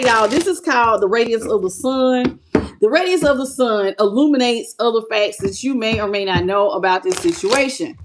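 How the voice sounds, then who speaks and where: A woman's voice: fairly high pitch, noisy background. A woman with a slight country twang, reading tarot on a live stream and greeting her viewers with pet names. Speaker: tarot reader.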